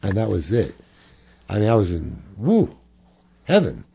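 Gravelly older man telling stories. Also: on the low side, wildly swooping pitch, unhurried, mellow. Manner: rambling storyteller with many fillers and restarts. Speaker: jazz clarinetist guest. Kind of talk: reminiscing interview talk.

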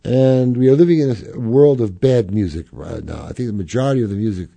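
Gravelly older man telling stories. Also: mid-range voice, fairly quick, mellow. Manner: rambling storyteller with many fillers and restarts. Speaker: jazz clarinetist guest. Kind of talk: reminiscing interview talk.

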